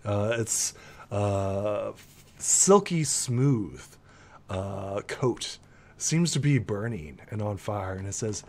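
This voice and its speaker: A man's voice: on the low side, lively intonation, slow. Hesitant man running a tabletop game. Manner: hesitant, many fillers. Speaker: game master.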